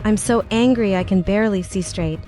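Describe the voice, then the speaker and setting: A woman with a voice of ordinary, middle pitch recounts a painful personal story. She tells it in an emotional, confessional way and acts out the dialogue as she goes. Soft music plays quietly beneath her voice. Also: fairly quick. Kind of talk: first-person dramatic story narration.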